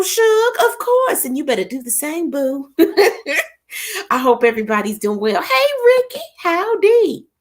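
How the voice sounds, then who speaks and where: A middle-aged woman, hosting a casual live stream and chatting with viewers by name. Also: on the high side. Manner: lively, chatty, greets viewers by name, Southern church expressions. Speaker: livestream host.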